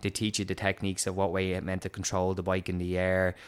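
Lively Irish man telling a story. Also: deep voice, quick pace, clear, resonant tone. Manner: animated storyteller, swears and laughs often. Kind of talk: casual chat.

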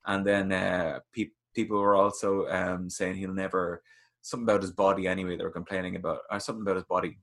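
Brief: man, slightly low voice, jokey and chatty podcast host. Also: little pitch movement, fast, vocal fry, a bit bright. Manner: jokey, chatty, addresses listeners. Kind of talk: casual chat.

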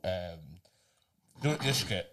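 A young man hosting a podcast, telling stories in a relaxed, casual way with frequent restarts. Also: sits low, takes it slowly. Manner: relaxed storyteller, stumbles and restarts, does voices. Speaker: podcast host. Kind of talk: casual chat.

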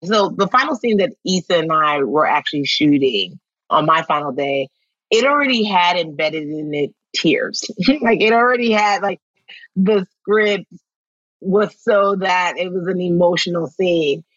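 A woman guest in an interview, telling stories in a lively way, acting out what people said and laughing often. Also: lowish voice, unhurried, no room sound, muffled recording. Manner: animated storytelling, acts out quotes, laughs often. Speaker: actress guest. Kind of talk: casual interview chat.

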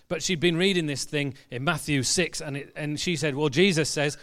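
A man, a church pastor, preaching a sermon in a relaxed, conversational storytelling manner, with fillers and restarts, in a church hall. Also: on the high side, normal speed.

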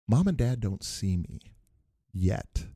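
A man chatting casually on a podcast and telling an animated story, acting out the people in it. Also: on the low side, slow, no echo, clean studio sound. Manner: animated storyteller, acts out quoted voices.

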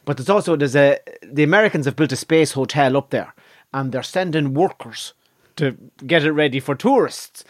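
A man in casual comedic chat, telling sweary jokes and stories with sudden high laughs. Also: normal speed, dry recording, studio quality. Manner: animated, sweary storyteller, breaks into high laughs.

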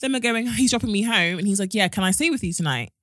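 A young woman tells a story quickly in a bright, forceful voice, acting out the people in it. Her talk is lively and she swears freely. The sound is dry and close. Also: mid-range voice, no echo. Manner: animated, acts out quotes, swears. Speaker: podcast co-host. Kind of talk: casual chat, storytelling.

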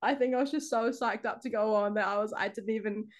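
A woman's voice: mid-range voice, fast. A young woman with a New Zealand accent, a football player talking casually as a guest, laughing often and filling her talk with "like". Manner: laughs often, heavy use of "like". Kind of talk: casual interview chat.

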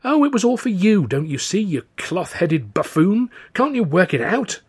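A man voicing an excitable young woman friend who teases and scolds, in an audiobook reading. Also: mid-range voice, brisk, slightly rough, no echo, clean studio sound, pitched above the performer's own voice. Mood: exasperated. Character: lively exasperated young woman friend, teasing.

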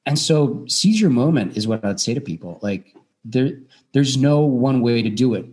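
A man talking as an actor guest in a casual podcast chat, animated, with frequent restarts and fillers. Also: mid-range voice, moderate pace. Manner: animated, many restarts and fillers, jumps into quoted voices.

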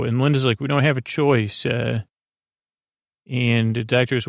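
A man hosting a sleep podcast, recapping an episode in a halting, hesitant way with many pauses. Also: medium pitch, fairly even intonation, vocal fry, dry recording, clean studio sound. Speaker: podcast host.

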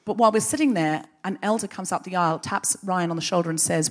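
A woman comedian and podcast host telling a personal story live on stage, wry and lively, winding up to real passion. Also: on the low side, quick pace. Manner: lively, wry, building to impassioned. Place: stage in front of a live audience.

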